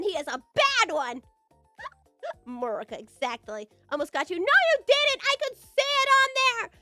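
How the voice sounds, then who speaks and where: A young woman from the United States with a high, childlike voice, chatting with viewers on a live stream in a bubbly, giggly, teasing way. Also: bright, forceful tone, no echo.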